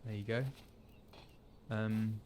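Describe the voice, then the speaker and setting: A man's voice: fairly low pitch, monotone, a little mellow, slight background noise. Playful man musing over a game. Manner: playful, musing aloud, quick asides. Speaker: streamer playing a game. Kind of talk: casual gameplay commentary.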